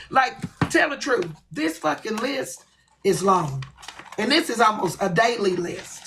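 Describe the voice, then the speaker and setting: A woman's voice: fairly high pitch, expressive, unhurried, noisy background. A woman hosting her own livestream, ranting bluntly and with lots of profanity. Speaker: livestream host. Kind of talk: ranting live stream.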